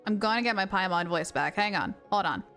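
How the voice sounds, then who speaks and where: A woman's voice: medium pitch, expressive, fairly quick, a bit bright, soft background music. A young woman streaming a game, chatting casually and self-mockingly with viewers while she plays. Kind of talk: casual live-stream chat while gaming.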